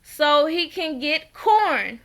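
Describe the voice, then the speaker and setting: A woman's voice: sits high, very animated, very slow, a bit bright. A woman casually recapping and reviewing a TV episode, acting out the characters' lines in quoted voices and laughing often. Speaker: TV show reviewer.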